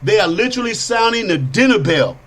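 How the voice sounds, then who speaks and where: A middle-aged man with a Californian accent, hosting a talk show and telling stories in a lively, animated way that acts out sounds and quotes. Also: high-pitched, a little fast. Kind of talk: casual storytelling monologue.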